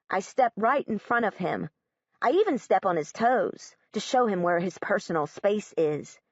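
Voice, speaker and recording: Woman narrating with lively pitch. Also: no room sound. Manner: literal, measured, matter-of-fact. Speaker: audiobook narrator. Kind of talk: first-person audiobook narration as a young girl. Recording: dull, dry audiobook recording.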